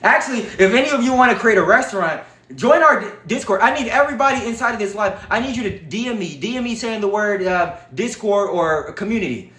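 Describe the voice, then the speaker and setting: A man hosting a livestream, talking in an animated, profane, preachy way. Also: high voice, a little fast, reverberant. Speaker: livestream host. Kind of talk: casual livestream talk.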